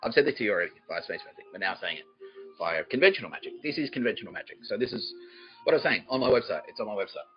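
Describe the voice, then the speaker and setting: A man's voice: fairly low pitch, very animated, racing, faint music behind. A man hosting a podcast, rambling through a profane comedic monologue and laughing mid-sentence, in a slightly muffled recording. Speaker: podcast host.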